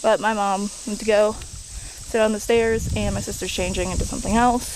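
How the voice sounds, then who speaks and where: A woman's voice: mid-range voice, fairly even intonation, normal speed, noisy background. A young woman vlogging outdoors on a handheld camera, chatting to viewers in a rambling, giggly, self-deprecating way. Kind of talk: casual chat to camera. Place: outdoors in nature.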